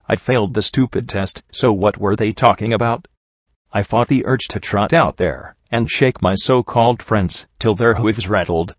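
A man narrating a first-person story in a steady, unhurried reading voice, on a dull lo-fi recording. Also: fairly low pitch, no echo. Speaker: audiobook reader.

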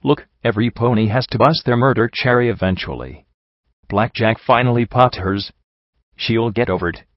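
A man's voice: medium pitch, normal speed, dry recording, muffled recording, lightly acted. A man reading the brash, mocking mare fighter Rampage in an audiobook. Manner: mocking, flippant.

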